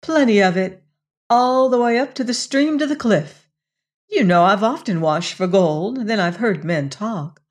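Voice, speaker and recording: A woman's voice: medium pitch, lively intonation, unhurried, lightly acted. A woman voicing a shy but spirited young frontier girl in an audiobook, speaking with impassioned earnestness. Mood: earnest. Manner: impassioned, pleading.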